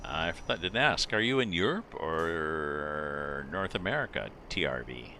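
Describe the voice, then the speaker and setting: With a very deep, bright, forceful voice, a middle-aged man streams a driving game and chats with his viewers at a measured pace. He's animated, rambling as he thinks aloud with plenty of fillers, while the game's truck and road sounds play underneath.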